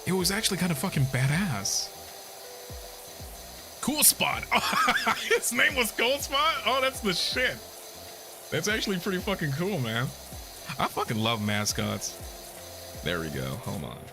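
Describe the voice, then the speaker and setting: An excitable young man chats through a game stream, cursing freely, laughing a lot and breaking into shouts. His voice sits a bit high and swings wildly up and down, with game music playing clearly underneath. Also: a little slow, long pauses. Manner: excitable, profane, laughs often, bursts into shouts. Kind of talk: casual gameplay stream chat.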